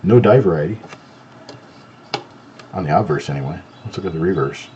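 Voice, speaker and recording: A man's voice: low voice, expressive, normal speed, darkish tone, highs cut off, a little hiss or hum. A middle-aged man hosting a live show, chatting in an easygoing way while he looks over items one by one. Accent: no southern accent. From not from North Carolina. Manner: easygoing, talks while examining coins. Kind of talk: casual live-stream chat.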